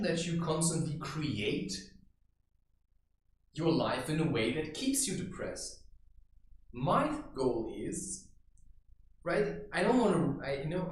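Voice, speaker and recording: A man giving life advice in a loose monologue, animated, often acting out other people's voices. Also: fairly high pitch, slow pace. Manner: animated, acts out other people's voices, bursts into wild vocal sounds. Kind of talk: unscripted monologue. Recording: very echoey room.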